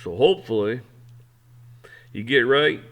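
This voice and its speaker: A man's voice: medium pitch, unhurried, fairly bright tone. A man hosting an opinion show, ranting in a blunt, heated, profane way. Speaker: host. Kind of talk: opinion rant.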